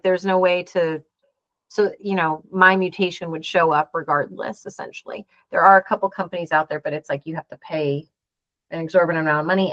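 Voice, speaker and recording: Interview guest, woman, 40s, lowish voice, earnest storyteller, dry and dull lo-fi sound. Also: a bit bright, no echo. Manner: earnest, acts out quoted dialogue. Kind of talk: emotional personal storytelling.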